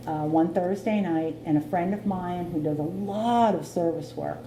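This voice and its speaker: A middle-aged woman speaks at a recovery meeting, candidly sharing her own story and laughing at herself. Her voice is fairly low and her pace moderate. The meeting room is echoey, with background noise.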